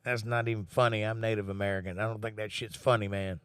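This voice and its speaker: A man's voice: on the low side, steady tone, fast, clean tone, dry recording. A man hosting a casual livestream, reading viewer comments aloud in a laid-back, folksy way and swearing now and then. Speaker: livestream host.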